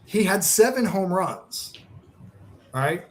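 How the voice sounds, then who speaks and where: Animated male podcast guest spinning a baseball yarn; light background hum. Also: high-pitched, slow. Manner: animated storyteller, acts out quotes. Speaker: charity founder, guest. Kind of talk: casual storytelling.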